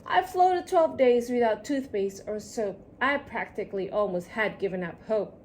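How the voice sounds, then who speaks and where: Woman reading a children's storybook aloud, lively and sing-song. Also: fairly high pitch, normal speed, a little hiss or hum. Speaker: storybook reader.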